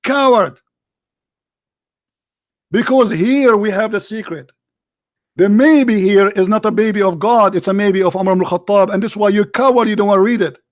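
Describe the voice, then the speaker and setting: High-pitched combative man, hoarse. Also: fairly quick, no echo, studio quality. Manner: combative, interrupting, insulting caller. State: voice getting hoarse. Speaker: debate show host. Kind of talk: heated live call-in debate.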